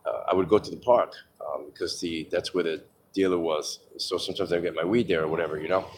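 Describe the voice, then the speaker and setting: A man with a fairly low voice tells candid stories from his own life, rambling and cursing freely between fillers. He turns earnest and blunt when he speaks to listeners directly. A faint hum of background noise sits under his voice. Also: steady tone, fast. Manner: rambling, profane, with many fillers. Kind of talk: candid personal storytelling monologue.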